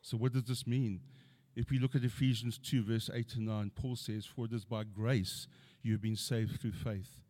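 A man's voice: on the low side, flat delivery, normal speed, mellow. A middle-aged man preaching a sermon, earnestly quoting scripture and building to emphatic points.

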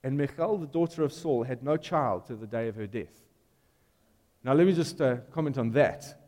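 A man's voice: mid-range voice, normal speed, darkish tone, long reverb tail. A man preaching a sermon in a conversational, storytelling way, putting questions to the congregation.

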